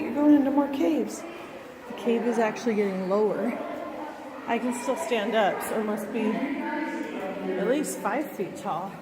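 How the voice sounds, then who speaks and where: A woman vlogging on a phone as she hikes through caves and woods, talking excitedly to the camera and out of breath at times. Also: a little high, noisy background. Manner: chatty, excited, talking to camera while walking. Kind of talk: casual hiking vlog. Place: outdoors in caves and forest. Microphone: phone held while walking.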